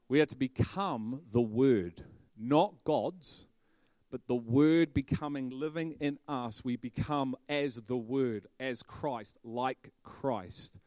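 A male preacher, delivering a lively sermon that swings from quiet stress on words to loud bursts. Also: mid-range voice, no echo, clean studio sound. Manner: animated, bursts into loud shouting and laughter.

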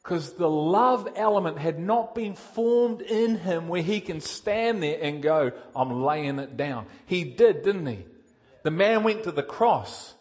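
A man with a high voice preaches a little slowly, yet with energy and directness. He asks his listeners questions and alternates between loud emphasis and hushed intensity.

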